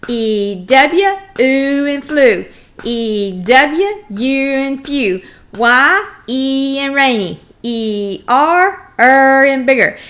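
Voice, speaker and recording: Woman, first grade teacher, Texan accent, unhurried, sounds out each letter clearly. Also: high voice, expressive, a bit bright. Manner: slow, clearly sounded-out drills. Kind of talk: phonics lesson to young children.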